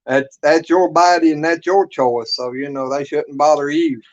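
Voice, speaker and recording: A man co-hosting a casual live stream, talking haltingly, repeating words and filling with "you know". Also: fairly high pitch, fairly even intonation, lo-fi sound. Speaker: co-host.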